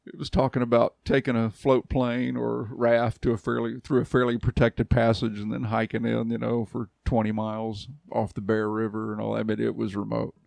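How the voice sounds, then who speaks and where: A man around sixty, a youth pastor, tells a long story in a relaxed podcast chat, acting out quoted voices and laughing often. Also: medium pitch, fairly quick, gravelly, few pauses, no room sound, studio quality. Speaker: youth pastor and church elder.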